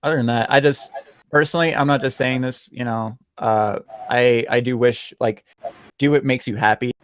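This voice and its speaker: A man's voice: mid-range voice, fairly even intonation, normal speed. A man hosting a gaming podcast, speaking earnestly and reflectively with small hesitations. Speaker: podcast host. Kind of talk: casual podcast chat.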